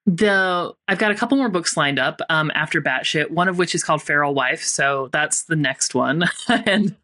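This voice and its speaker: A woman's voice: deep voice, moderate pace. Chatty, laughing woman guest with a neutral accent. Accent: neutral, mid-Atlantic-leaning. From Tennessee, USA. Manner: chatty and animated, laughs often. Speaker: guest, copywriter and author. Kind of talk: casual podcast conversation.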